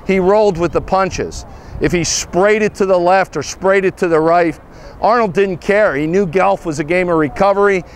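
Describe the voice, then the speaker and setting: A man's voice: sits high, creaky, slight background noise. A man from western Pennsylvania hosting a sports talk show, telling folksy stories in a scripted tribute. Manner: folksy storytelling, upbeat.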